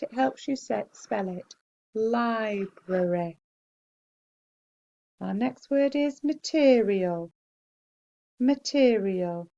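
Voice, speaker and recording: A woman teacher giving a slow, clear spelling dictation to young children and praising them gently. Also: on the high side, lo-fi sound. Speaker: primary school teacher.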